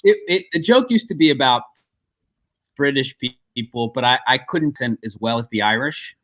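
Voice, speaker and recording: A man's voice: mid-range voice, animated, normal speed, fairly bright tone. A man, a stand-up comedian, chatting as a podcast guest, telling stories animatedly with many restarts. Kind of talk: casual chat.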